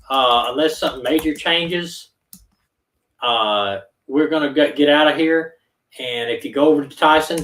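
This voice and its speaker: Brief: male live-stream host, relaxed and rambling, heard from off-mic in a roomy space. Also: fairly high pitch, distant mic, a little hiss or hum. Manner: easygoing, rambling with many fillers. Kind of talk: casual live stream sign-off. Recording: echoey room, voice off-mic.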